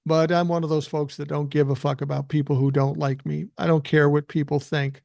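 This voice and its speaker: A man's voice: a little high, level tone, fairly quick, gravelly, darkish tone, dry recording, clean studio sound. Older man, blunt and profane. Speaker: podcast host doing a live stream. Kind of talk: casual live-stream rant. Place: his living room.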